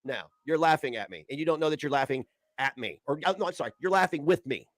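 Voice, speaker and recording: A man's voice: a little high, expressive, fast. A man ranting in a crude, boastful way, often breaking into giggles. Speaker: streamer being reacted to.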